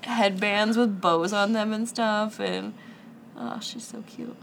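A young woman with a gravelly, fry-touched voice chatting on a podcast. She gushes with enthusiasm, and a faint hiss of noise sits under her voice. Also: medium pitch, steady tone, slow. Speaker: podcast co-host. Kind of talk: casual chat.

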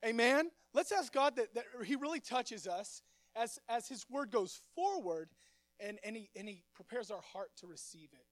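High-voiced young preacher. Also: male voice, expressive, normal speed, dry recording. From Texas. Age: 20s. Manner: stammering, repeats words, friendly and joking. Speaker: youth pastor. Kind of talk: sermon with casual storytelling. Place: church. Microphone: stage microphone.

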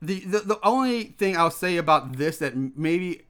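A man's voice: a little high, expressive, normal speed, fairly bright tone, smooth. A man casually recapping a movie with a friend, rambling and swearing, laughing often and acting out the characters' lines. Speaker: podcast co-host recapping a film.

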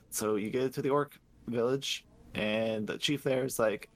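Give me a man with an average-pitched voice casually recapping a game's story on a podcast, loose and profane. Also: fairly even intonation, no room sound. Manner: rambling, profane, laughing, acts out characters in quick paraphrase. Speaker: podcast host. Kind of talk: casual recap of a video game plot.

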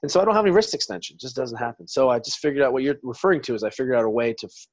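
A man's voice: medium pitch, rapid-fire, no room sound. Rambling man in his forties, dry sound. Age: 40s. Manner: rambling storyteller, trails off and restarts. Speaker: podcast guest. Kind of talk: casual interview chat.

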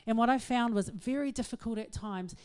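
A middle-aged woman, giving a humorous, self-mocking talk to an audience in an animated storytelling manner. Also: fairly high pitch, brisk, clear, resonant tone. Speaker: speaker.

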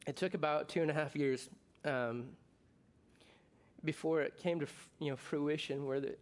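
A middle-aged man from the United States preaching a sermon as pastor, talking in a conversational, jokey way with bursts of excitement. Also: a little high, moderate pace.

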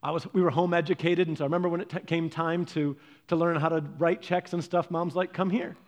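A man telling family stories in a talk, acting out his parents' lines with lively energy. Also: fairly high pitch, fast talker. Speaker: speaker giving a faith and parenting talk. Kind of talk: storytelling talk.

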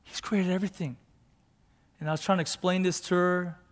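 Earnest pastor in a reverberant hall. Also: male voice, sits high, fairly even intonation, a little fast. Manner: conversational, building to fervent emphasis; mixes in Japanese phrases. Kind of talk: storytelling sermon.

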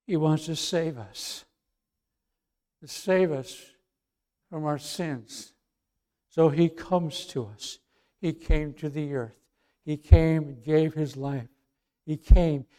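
High-voiced slow preaching man. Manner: swings from loud emphatic preaching to soft quiet asides. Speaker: pastor. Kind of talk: sermon.

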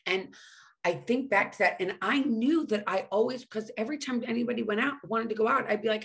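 A woman's voice: medium pitch, fast, gravelly, fairly bright tone. A middle-aged woman speaking frankly and emotionally about her past, with swearing and self-mockery. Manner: says she cannot sing. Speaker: recovering alcoholic sharing her story. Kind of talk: candid personal monologue.

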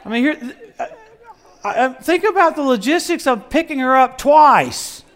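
A middle-aged man preaching a storytelling sermon, swinging from loud exclamations to hushed asides. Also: very high-pitched, lively intonation, normal speed. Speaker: visiting preacher.

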